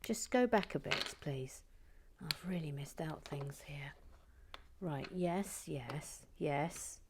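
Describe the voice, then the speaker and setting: A woman's voice: low-pitched, takes it slowly, background noise. A woman reading out listener messages in a casual, giggly chat, often trailing off into whispers. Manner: giggly, self-interrupting, drops into whispers.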